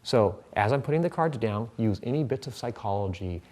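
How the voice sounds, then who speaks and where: A man's voice: on the low side, expressive, fairly quick, a little mellow. A man teaching a card trick in a casual tutorial, chatting as he handles the cards.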